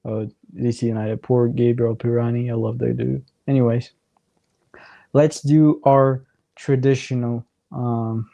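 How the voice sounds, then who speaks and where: A man casually chatting through a soccer watchalong as a streamer, his voice going hoarse, rambling as he works out the league standings aloud. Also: mid-range voice, level tone, unhurried, mellow, no room sound, dull audio. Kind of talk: casual live match commentary.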